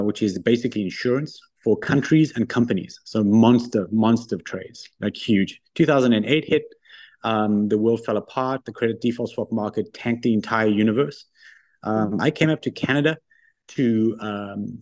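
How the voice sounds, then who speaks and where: A man's voice: lowish voice, darkish tone. A middle-aged man, a company founder, telling stories with confidence as a guest in a casual interview. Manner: confident, brisk anecdotal storytelling. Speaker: guest, wealth firm founder.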